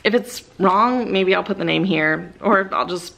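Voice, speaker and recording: Low, gravelly-voiced young woman rambling. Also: a little slow, fairly bright tone. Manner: rambling, many fillers, enthusiastic. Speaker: book vlogger. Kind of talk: casual rambling book review.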